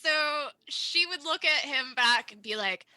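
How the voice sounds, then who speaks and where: A woman's voice: high-pitched, a little slow, sharp tone, no echo, low-quality recording. A woman playing in a tabletop role-playing game, giggly and playful. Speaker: player.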